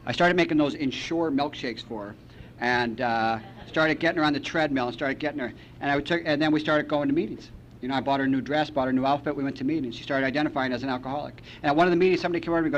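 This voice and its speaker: A man speaking at a recovery meeting, telling a personal story in a wry, deadpan storytelling way, on a muffled archival recording. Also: fairly high pitch, quick pace. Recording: muffled archival tape with faint noise.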